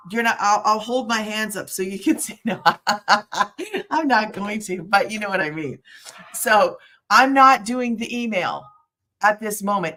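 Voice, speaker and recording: Middle-aged woman, regular vlog host, chatty and meandering, breaks off mid-sentence, quick to laugh. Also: medium pitch, a bit bright. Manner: rambling, self-interrupting, laughs often. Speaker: work-from-home business promoter. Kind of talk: casual livestream chat.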